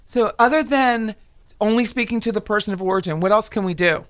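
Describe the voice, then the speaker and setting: A woman hosting a casual chat, telling stories in a lively way and acting out phone calls. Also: mid-range voice, brisk. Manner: animated storyteller, acts out calls. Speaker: host, realtor.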